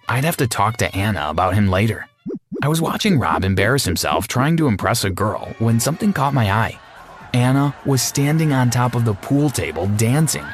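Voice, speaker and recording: A man narrating a first-person story in an earnest, plain manner. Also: lowish voice.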